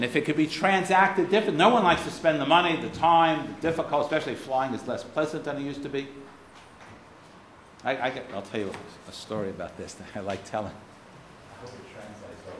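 A man's voice: mid-range voice, fairly bright tone. An American man with a faded Boston accent giving a keynote lecture, a wry, digressive storyteller with blunt asides. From United States. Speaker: keynote speaker. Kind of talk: anecdotal lecture. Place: lecture hall. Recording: roomy hall with faint noise.

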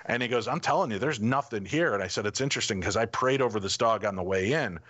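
A middle-aged man, a podcast guest, telling a personal story in a lively way and acting out what people said. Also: fairly low pitch, fast talker. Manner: animated anecdotal storytelling, acting out quotes. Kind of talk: casual storytelling.

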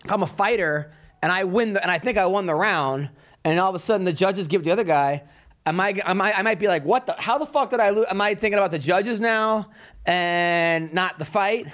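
A man's voice: sits high, fairly quick, a bit bright. A man hosting a podcast, a comedian who talks in a chatty, rambling way with lots of fillers. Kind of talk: casual chat.

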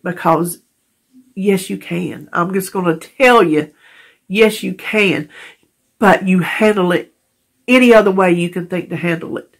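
A middle-aged woman from North Carolina, talking tearfully and rambling in a heartfelt casual vlog, stumbling over words and laughing often. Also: mid-range voice. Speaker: vlogger.

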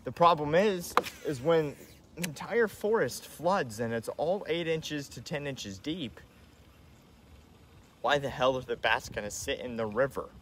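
A young man talking casually on a live stream from a kayak on a river, slangy, swearing and excitable. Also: fairly high pitch, unhurried. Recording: loud outdoor wind and water noise.

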